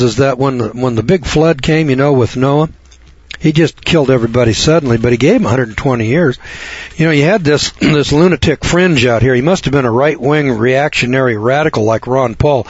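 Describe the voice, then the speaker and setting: A man's voice: medium pitch, breathy edge, dry recording. Older male talk-radio host, folksy and ranting, dull dry lo-fi sound. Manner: folksy, ranting, rises to loud emphatic peaks. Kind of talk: preachy talk radio monologue.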